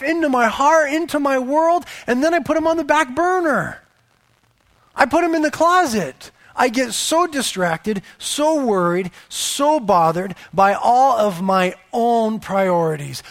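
A man's voice: very high-pitched, fairly bright tone, dry recording. A man preaching a sermon, emphatic and fond of rhetorical repetition.

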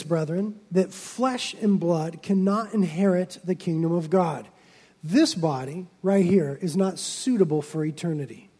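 A man with a high-pitched voice preaches a sermon. He swells into loud, emphatic passages and then drops low and quiet. A long hall reverb trails after every phrase. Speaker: pastor.

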